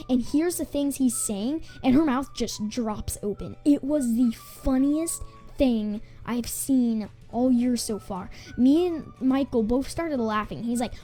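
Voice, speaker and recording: A woman's voice: on the high side, dark tone. A female gaming channel host telling a school story in a casual, rambling way, full of "like" fillers and restarts.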